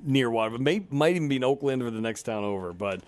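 A man's voice: mid-range voice, fast. A man in his thirties, a podcast host, telling a story in casual chat, swearing often and acting out what people said. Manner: profane, animated, acts out quotes.

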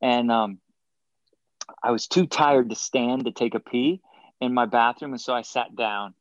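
A man as a guest in a casual interview, telling animated stories and acting out quotes between chuckles. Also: medium pitch, a little slow, no room sound, lo-fi sound. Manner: animated anecdotes, acts out quotes, chuckles often. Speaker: guest athlete.

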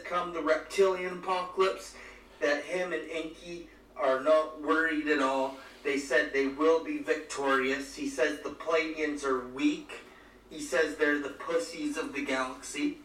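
A man's voice: on the high side, a bit bright. A British man co-hosting a comedy podcast, delivering a theatrical mock rant full of faux outrage. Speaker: podcast co-host. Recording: roomy, distant mic, faint noise.

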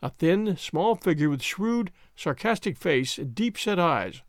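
A man reading a classic novel aloud in a measured, deliberate narration. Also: sits high, expressive, no room sound, studio quality.

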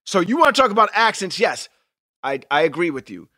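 A man chats on a podcast with a bright, slightly raised voice. He talks in an emphatic, animated way, leaning hard on his points and swearing freely. The sound is dry and close. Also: sits high, brisk, no echo. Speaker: podcast co-host. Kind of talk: casual chat.

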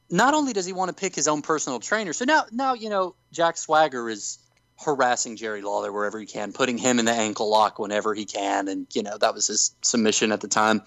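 A man hosting a podcast, telling a story with animated enthusiasm in casual chat. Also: mid-range voice, no room sound, poor audio. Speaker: podcast host.

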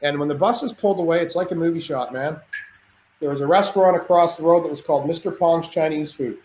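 Here a podcast guest, a man with a fairly high, slightly mellow voice, talks quickly while spinning casual, rambling stories. He restarts sentences a lot, and the audio has a roomy sound with faint noise.

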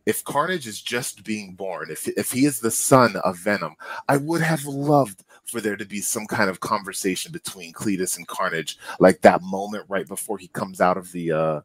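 A man co-hosting a casual movie review podcast, rambling with many fillers and restarts, and getting animated when he is annoyed. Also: lowish voice, normal speed. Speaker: podcast co-host.

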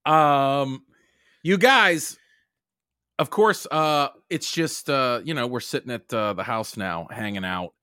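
A man's voice: medium pitch, takes it slowly, bright, forceful tone, clean tone, no echo, studio quality. A man hosting a casual podcast from home, loose and jokey, saying "dude" all the time. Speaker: podcast host.

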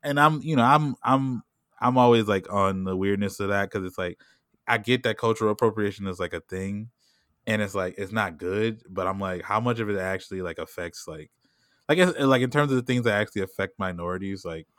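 A man with a lowish, fairly bright voice rambles through a casual podcast conversation, laughing frequently and leaning hard on "like" and "you know what I'm saying." He puts on quick impressions when quoting people, and the studio recording is clean and echo-free.

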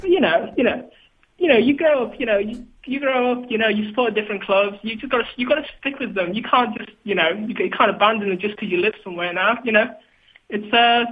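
A man with a Liverpool accent calling in over a thin, phone-like line, his voice high for a man. He rambles with lots of fillers and stays good-humored throughout. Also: a little fast, a little hiss or hum. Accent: Liverpool English. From England. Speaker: caller. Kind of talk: casual phone call.

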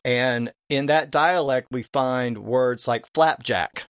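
A man's voice: medium pitch, takes it slowly, fairly bright tone, smooth, no room sound, clean studio sound. A middle-aged man explaining word history in conversation, spelling words out letter by letter in a lecturing way. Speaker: language history guest.

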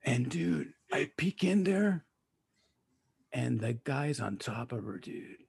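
A man's voice: medium pitch, animated, slow, creaky, darkish tone, slightly rough. A man, telling a story in a casual, profane chat, dropping into Spanish and calling everyone dude and bro.

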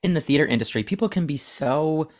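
A man's voice: on the high side, lively intonation, quick pace. A young man co-hosting a podcast, speaking earnestly and admiringly to his guest. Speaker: podcast co-host. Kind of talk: casual interview chat.

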